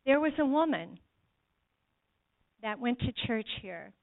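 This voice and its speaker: Woman preaching to her church, slow and earnest, kinda high voice, sounds like it's over a phone line. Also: expressive, gravelly. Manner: earnest, addresses the congregation directly. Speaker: church speaker giving testimony. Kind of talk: sermon testimony.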